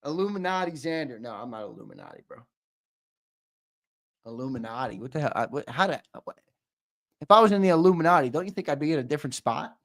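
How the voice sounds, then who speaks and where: High-voiced man bantering loudly with viewers. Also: sing-song, quick pace, long pauses. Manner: profane, teasing, loud banter. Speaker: host. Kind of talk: casual livestream chat.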